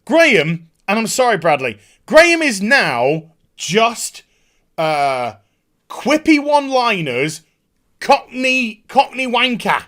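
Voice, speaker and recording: Male TV reviewer, high animated voice, scornful casual rant. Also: slow. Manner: sarcastic, sweary, mocking. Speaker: YouTube TV reviewer.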